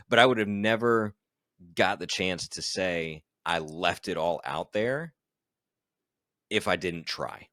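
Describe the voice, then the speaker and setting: A man's voice: sits low, measured pace, dry recording, clean studio sound. A young man, a podcast guest, telling a long personal story in an interview and acting out the dialogue. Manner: animated storyteller who acts out quoted dialogue.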